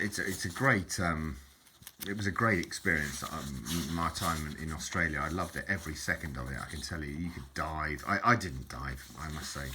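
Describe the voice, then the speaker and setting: A man's voice: deep voice, sharp tone, slight background noise. An older man rambling through old keepsakes, chuckling often and tagging lines with "innit" and "mate". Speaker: vlogger. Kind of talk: rambling reminiscence over keepsakes.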